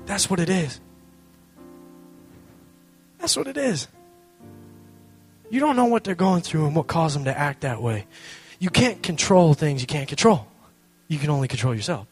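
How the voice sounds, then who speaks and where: A young man speaking to a live audience, telling a lively story with self-mocking humor and acting out both sides of the conversation. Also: a little high, moderate pace, long pauses, soft background music. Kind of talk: animated storytelling talk.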